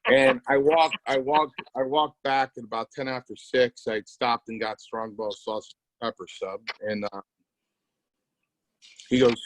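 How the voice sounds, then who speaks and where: A man's voice: mid-range voice, lively intonation, measured pace, low-quality recording. A middle-aged man co-hosting a podcast, telling rambling stories and acting out the lines of the people in them. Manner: rambling anecdotes with acted-out quotes. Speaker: podcast co-host, former wrestler. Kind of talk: casual storytelling chat.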